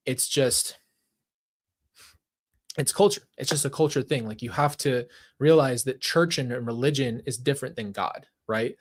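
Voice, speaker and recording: Young man telling a heartfelt personal story. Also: medium pitch. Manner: emphatic, conversational, with filler "like" and restarts. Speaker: host. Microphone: handheld mic.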